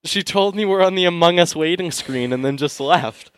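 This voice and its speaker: A man's voice: high-pitched, moderate pace, smooth. A young man co-hosting a podcast, telling a story in a rambling way, with many fillers and bursts of laughter. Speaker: podcast co-host. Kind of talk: casual chat.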